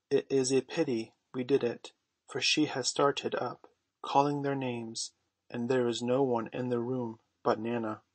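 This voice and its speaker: A man narrating a storybook audiobook in a gentle, measured way. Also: mid-range voice, no echo. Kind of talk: storybook reading.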